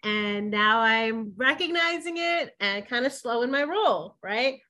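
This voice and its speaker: A woman co-hosting a podcast, telling a personal story in candid, animated chat full of "like" fillers and quick laughs. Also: fairly high pitch. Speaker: podcast co-host.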